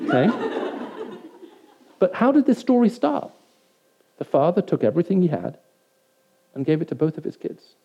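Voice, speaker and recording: A man with a high, mellow, gravelly and slightly rough voice preaches at a moderate pace, his pitch swinging widely and his speech full of pauses. Speaking conversationally to about a hundred people in a hall, he keeps asking whether it makes sense. It's a dull lo-fi recording.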